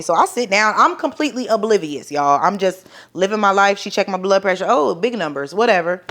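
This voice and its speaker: A young woman, telling a personal story to the camera in a profane, animated way and acting out the people in it. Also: mid-range voice. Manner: profane, animated, dramatic re-enactments. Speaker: vlogger. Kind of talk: storytelling vlog.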